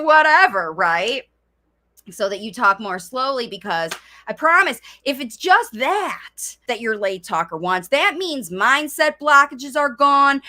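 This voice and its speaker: A woman's voice: sits high, bright, forceful tone. A middle-aged woman coaching parents in a chatty live-streamed talk, often speaking in a child's voice. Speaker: speech coach.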